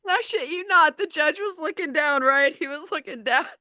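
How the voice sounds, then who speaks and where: A woman with a bright, slightly high voice tells a courtroom story full of swearing. She laughs often and sounds animated. The recording is dry and close. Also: normal speed, dry recording. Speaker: podcast host; paralegal. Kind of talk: casual storytelling.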